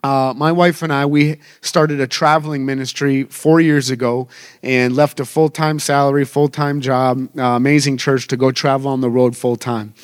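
A man's voice: medium pitch, little pitch movement, moderate pace, smooth. A man in his thirties, a traveling evangelist, preaching a sermon with upbeat storytelling and self-mocking humor.

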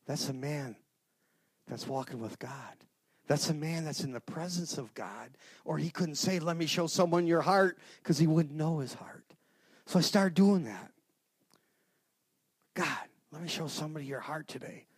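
A middle-aged man giving an informal, earnest sermon to a men's group, swinging from loud outbursts to hushed prayer. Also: on the high side, a little slow, slightly rough, no room sound, clean studio sound. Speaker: lay speaker at a men's gathering.

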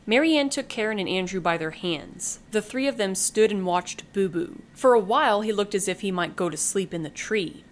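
A woman podcast host reading a children's book aloud, lively and acting out the characters. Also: medium pitch, normal speed, hardly any pauses.

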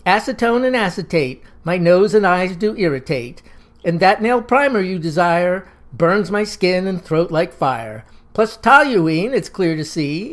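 A narrator voicing an eager, outspoken woman who works at a nail salon, chirpy and keen. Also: mid-range voice.

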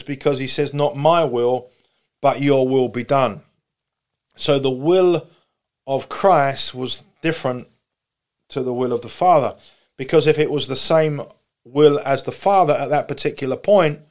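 A man preaches a broadcast sermon with a fairly high voice. He is impassioned, pushing his voice up into loud, pleading cries. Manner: impassioned, builds to high shouting pleas. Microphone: camera broadcast.

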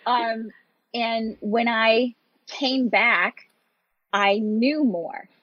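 A woman from Michigan, a guest and motivational speaker, telling her life story in an open, animated way and laughing often. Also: a little high, drawn-out words, no room sound. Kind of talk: conversational interview storytelling. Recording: dull lo-fi sound.

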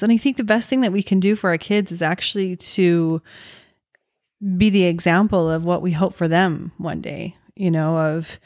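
A middle-aged woman hosting a podcast and talking with her son in a warm, encouraging way. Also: lowish voice, steady tone, moderate pace, no room sound, studio quality. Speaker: podcast host, mother. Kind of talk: casual chat.

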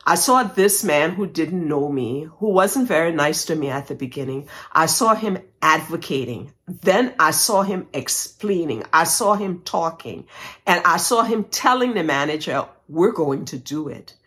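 Woman, podcast host, faith testimony, emotional storytelling, slightly low voice. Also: a little slow. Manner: emotional, animated retelling with praise interjections.

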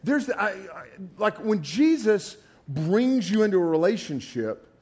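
A man's voice: high-pitched, measured pace, husky. A man preaching a sermon, telling folksy personal stories with frequent laughter. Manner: animated storyteller, laughs often, folksy asides.

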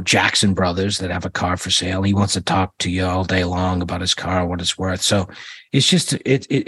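A man's voice: low-pitched, a bit bright, breathy edge, dry recording. A middle-aged man, a guest in an interview, telling rambling stories with many restarts and fillers. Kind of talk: casual interview storytelling.

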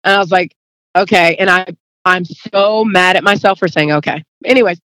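A woman's voice: on the low side, moderate pace, fairly bright tone, no echo. Woman guest, emotional storyteller, voices both sides of the conversation, dry close sound. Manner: rambling, acts out quoted dialogue; emotional, near tears. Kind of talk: casual storytelling.

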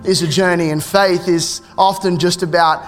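A man's voice: high voice, fairly even intonation, moderate pace, soft background music. A man, preaching a sermon in a casual way with joking asides and frequent restarts. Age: 30s. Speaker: pastor.

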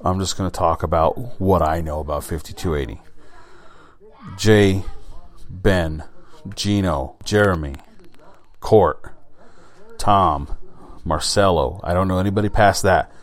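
A man's voice: sits low, unhurried. A man hosting a solo podcast, talking in a blunt, rambling way and swearing casually. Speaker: podcast host.

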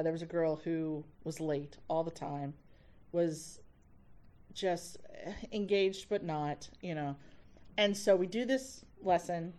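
Animated woman telling classroom stories. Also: on the low side. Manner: animated storyteller who acts out dialogue. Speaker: guest, college professor. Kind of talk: casual podcast chat.

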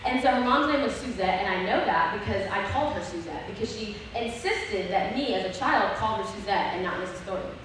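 A woman speaking to an audience on a handheld mic, telling a personal story in an earnest, animated way. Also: medium pitch, a little fast, few pauses. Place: room with an audience. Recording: echoey room, faint background noise.

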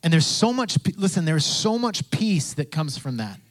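A man's voice: a little high, very animated, normal speed, no echo. Chatty preacher man, dry close sound. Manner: conversational preaching, repeats phrases, acts out quoted voices. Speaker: pastor. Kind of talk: sermon.

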